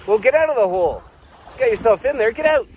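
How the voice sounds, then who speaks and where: A man voicing a brusque stranger who yells down impatiently and dismissively. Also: very high-pitched, animated, quick pace, slight background noise, pitched above the performer's own voice, low-quality recording. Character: brusque man yelling down a hole.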